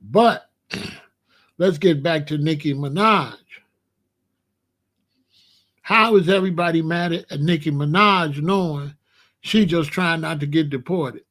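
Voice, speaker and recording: High-pitched man, blunt commentary. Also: slow pace, long pauses, a bit bright. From Chicago. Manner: blunt, profane, opinionated. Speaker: host. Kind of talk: casual commentary rant.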